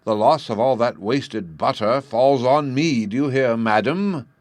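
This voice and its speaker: A man playing a blustering, growling official from a storybook, loud and a little raised in pitch. The voice is recorded close and dry. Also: expressive, moderate pace, no room sound. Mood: angry. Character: blustering middle-aged official father, angry and sly.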